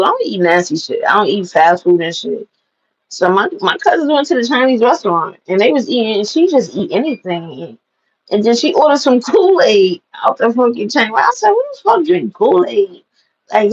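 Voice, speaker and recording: A woman tells her own stories straight to camera in a blunt, profane and animated way. Her voice has a gravelly edge, and the recording sounds slightly muffled and lo-fi. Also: mid-range voice. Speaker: vlogger telling stories. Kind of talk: casual storytelling to camera.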